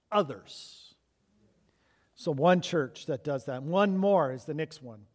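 A pastor preaching a sermon to his church, emphatic and repeating key lines for stress. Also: high-pitched.

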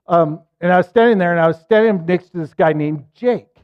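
A middle-aged man preaching a sermon and telling a personal story, animated and self-deprecating. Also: high voice, a little fast. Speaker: pastor. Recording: muffled lo-fi recording.

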